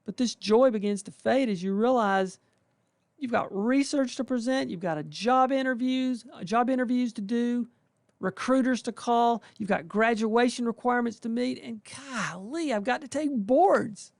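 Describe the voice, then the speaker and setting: This is a faculty member from the residency program addressing new interns in a homespun, conversational manner, exclaiming colloquially and sometimes performing the residents' inner monologue. The mid-range voice has vocal fry and a moderate pace, with no echo.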